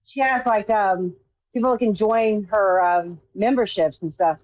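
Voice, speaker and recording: A woman's voice: mid-range voice, unhurried, a little mellow, no echo. A woman chatting on a call-in livestream, talking in a matter-of-fact way. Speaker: caller. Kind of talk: casual call-in chat. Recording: dull, dry lo-fi sound.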